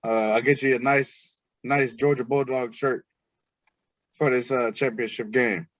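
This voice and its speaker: A man hosting a casual sports podcast, talking in an animated, teasing way. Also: mid-range voice, a little slow, dry recording, lo-fi sound. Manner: animated, teasing, mimics others' voices. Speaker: podcast host.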